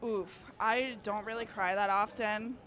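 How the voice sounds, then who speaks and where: A woman's voice: mid-range voice, steady tone, measured pace, fairly bright tone. A woman on a live dating show giving short, blunt, dry answers. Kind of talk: casual date banter. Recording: live audience and room noise. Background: live audience crowd.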